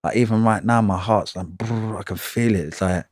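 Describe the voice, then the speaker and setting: A man in his thirties talks through hard prison memories in blunt, streetwise slang. His voice sits low, and he peppers it with swearing and "you know what I mean". The sound is close and dry, with no room echo. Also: steady tone, a little fast, darkish tone. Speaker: guest telling prison stories. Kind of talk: casual interview chat.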